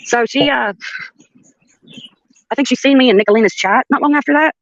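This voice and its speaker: An older woman tells a story on her livestream in a high-sitting, brisk voice, captured in a dry, dull-sounding recording. Her casual storytelling is blunt and profane, with laughs between sentences.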